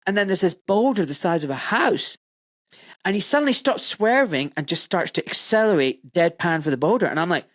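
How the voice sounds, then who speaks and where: A middle-aged man with a British accent hosting a podcast, telling stories in lively casual talk, swearing freely and acting out voices. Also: on the high side, a little fast, no echo, clean studio sound. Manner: animated storyteller, swears freely, acts out voices. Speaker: podcast host. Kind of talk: casual conversation.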